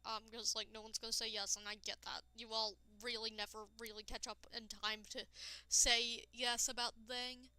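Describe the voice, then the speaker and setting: High, bright, chatty woman streamer. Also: flat delivery, moderate pace, clean tone, dry recording, rough recording. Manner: rambling, chatty, talks straight to chat. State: low-energy, tired. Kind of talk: casual live-stream chat while gaming.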